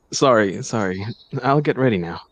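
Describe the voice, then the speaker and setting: A man voicing a sleepy, wry young man. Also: mid-range voice. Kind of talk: live story reading.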